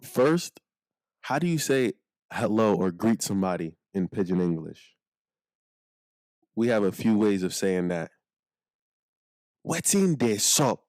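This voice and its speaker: A man with a Nigerian accent teaching a casual language lesson, slowing down to say phrases for the listener to repeat. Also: low voice, a little mellow, clear, resonant tone, no echo, studio quality. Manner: slows down to model phrases for repeating.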